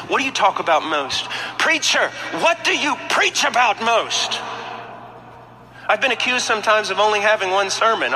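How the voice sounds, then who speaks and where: A man's voice: high voice, pushed and bright. A man preaching a fervent sermon, rising to emphatic peaks, in a church sanctuary. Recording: long hall reverb, faint background noise.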